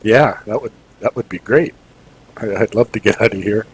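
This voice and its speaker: A man's voice: lowish voice, moderate pace, slightly rough, soft background music, low-quality recording. A man playing a tabletop game, bantering in character in a joking, playful way. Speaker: player.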